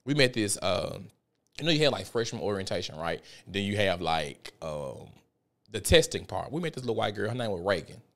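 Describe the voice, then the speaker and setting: A young man from South Memphis with a Memphis Southern accent, hosting a podcast and telling stories in a loose, profane, animated way. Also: fairly low pitch, fairly quick. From South Memphis, Tennessee. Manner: profane, animated storytelling with frequent laughs. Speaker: podcast host. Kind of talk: casual podcast monologue.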